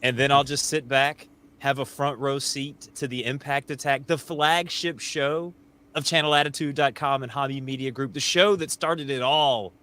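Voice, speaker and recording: A man's voice: medium pitch, fairly even intonation, normal speed, bright, forceful tone. A man guesting on a wrestling podcast, riffing playfully with crude jokes. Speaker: guest co-host. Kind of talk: casual banter.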